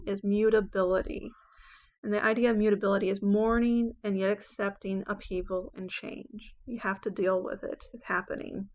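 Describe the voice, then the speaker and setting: A woman's voice: medium pitch, darkish tone. A woman professor lecturing on poetry, talking in a conversational teaching way with fillers and checks, and reading verse aloud with dramatic emphasis. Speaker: English professor.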